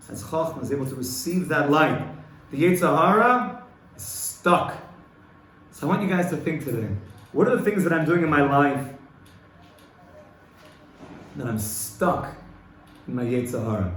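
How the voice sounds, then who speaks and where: A man gives an earnest Torah lesson to a small group, his delivery rhythmic and rising louder when he drives a point home. The room around him is echoey, with a faint hum of ambience underneath. His pitch sits in a middle register. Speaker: rabbi teaching a class. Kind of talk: Torah class lecture.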